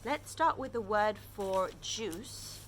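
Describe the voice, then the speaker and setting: A woman's voice: medium pitch, takes it slowly, slight background noise. A woman reading a picture book aloud to children, then teaching them new words with lots of questions. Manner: animated, asks children questions. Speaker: children's storyteller and Hebrew teacher.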